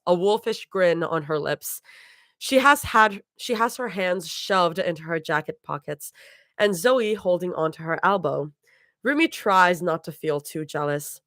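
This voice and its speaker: A woman's voice: lowish voice, a bit bright, dry recording, clean studio sound. A woman reading fan fiction aloud live, laughing and stumbling over hard words.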